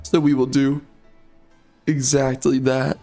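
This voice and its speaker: A man giving casual gameplay commentary, ranting bluntly in a hoarse voice and dropping mild minced swears. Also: mid-range voice, flat delivery, slow pace, mellow, faint music behind.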